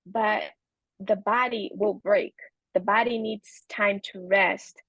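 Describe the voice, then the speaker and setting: Gentle woman giving advice. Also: medium pitch, steady tone, takes it slowly, vocal fry, no room sound, poor audio. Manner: gentle advising, many fillers like "you know". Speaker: guest, holistic nutritionist. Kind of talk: interview, advice.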